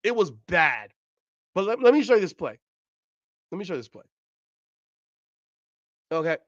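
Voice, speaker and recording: A man's voice: sits high, sing-song, moderate pace, fairly bright tone, dry recording, dull audio. Ranting profane man. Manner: ranting, profane, incredulous, repeats himself. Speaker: podcast host. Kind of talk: heated sports commentary over game footage.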